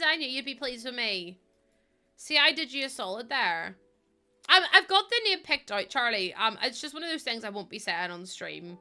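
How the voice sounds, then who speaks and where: A young woman chatting casually while streaming a building game, rambling and bubbly with plenty of ums. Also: on the high side. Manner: bubbly, greets chat warmly. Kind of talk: casual live-stream chat.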